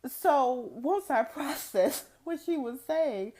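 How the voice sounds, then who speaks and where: A young woman hosts her own podcast, speaking at an unhurried, leisurely pace. She talks in a chatty storytelling way, sprinkling in "like" and breaking into laughter as she goes. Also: high-pitched, animated, darkish tone. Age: young adult. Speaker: podcast host. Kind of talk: casual solo podcast monologue.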